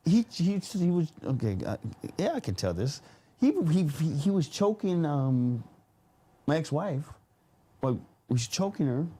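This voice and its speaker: A man casually telling a story on a podcast, animated and slangy, often laughing as he talks. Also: a little high, unhurried, husky. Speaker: podcast guest.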